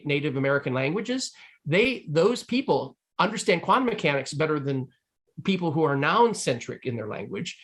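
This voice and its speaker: A man's voice: fairly high pitch, a bit bright, breathy edge. A man speaking as a guest author, answering questions in a loose, discursive way with frequent restarts. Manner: discursive, restarts often, hedges with "you know". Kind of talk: explaining ideas in a Q&A.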